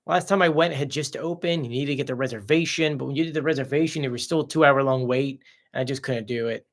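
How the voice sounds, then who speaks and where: A man's voice: mid-range voice, fast talker. A man hosting a casual live stream, chatting off the cuff as he reads out viewer comments and answers them.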